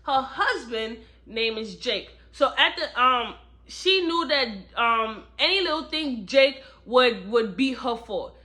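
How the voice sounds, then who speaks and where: A woman giving a casual book review, retelling the plot in an animated way and acting out the characters' lines, recorded at home. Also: on the high side, slow pace.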